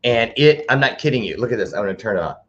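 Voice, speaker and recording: A man hosting a live talk show, chatting to camera in a rambling, animated way. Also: mid-range voice, very fast, muffled recording.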